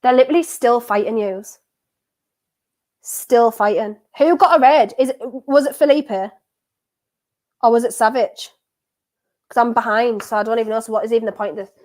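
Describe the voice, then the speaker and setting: Streaming her reactions to a football match, this young woman chats with viewers in a slightly high voice at normal speed, pausing often. She's excitable, veering between laughing and feeling dejected while addressing the people watching.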